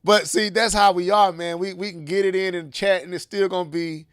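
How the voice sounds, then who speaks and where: Male podcast host, high voice, dry close sound, animated, slangy casual chat. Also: a little fast, clear, resonant tone, no room sound. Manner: animated, slangy, restarts often.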